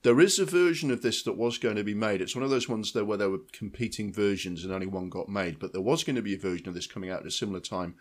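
A man's voice: on the low side, fast talker, hardly any pauses. Rambling man critiquing a film. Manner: rambling, restarts, emphatic swearing. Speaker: podcast co-host. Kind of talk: casual film review chat.

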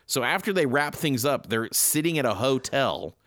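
A male podcast host recaps an old cartoon in an excited, rambling way, full of fillers and restarts. His pitch swoops up and down a lot, and the sound is dry and close. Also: normal speed, dry recording. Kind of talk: casual chat.

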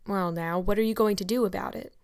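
A woman reading aloud and voicing a shy, gentle older farmer in a storybook. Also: mid-range voice, flat delivery, moderate pace, smooth, no room sound, studio quality, lightly acted. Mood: forlorn. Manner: mild, forlorn.

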